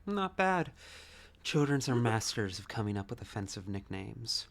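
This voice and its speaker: A man's voice: fairly low pitch, big pitch swings, gravelly, pitched below the performer's own voice. Man reading as a dry, condescending doctor. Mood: probing. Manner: clinical, condescending, slow and deliberate. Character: stern, dry male doctor searching for a lost child. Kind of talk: voicing game dialogue with friends.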